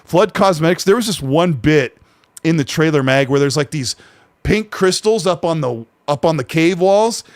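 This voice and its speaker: A man's voice: a little high, expressive, moderate pace, no room sound. A man hosting a gaming podcast, chatting casually and rambling with frequent self-corrections. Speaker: podcast host.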